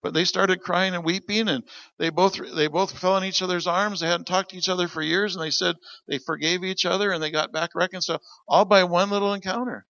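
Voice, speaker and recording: A man's voice: sits high, fairly quick, lo-fi sound. A middle-aged man preaching a sermon, telling stories and acting out the voices of the people in them. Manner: animated storyteller acting out quoted voices. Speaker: pastor. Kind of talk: sermon with storytelling.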